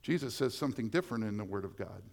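A man preaching a sermon as pastor, swinging from hushed, slow lines to loud, emphatic ones. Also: on the low side, expressive, creaky.

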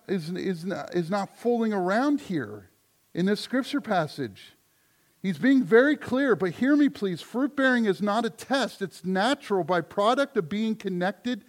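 A man preaching from the pulpit in a fairly high voice. He leans hard on key words with loud declarations, then drops to soft, quiet asides. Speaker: pastor. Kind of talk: sermon.

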